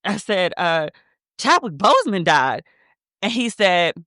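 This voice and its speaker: An American woman in her thirties hosts a podcast, talking through a story in an animated, emotional way and leaning on fillers as she goes. Her voice is bright and forward. The recording is dry and close, with no room sound. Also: medium pitch, measured pace, no echo. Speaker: podcast host. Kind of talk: casual monologue.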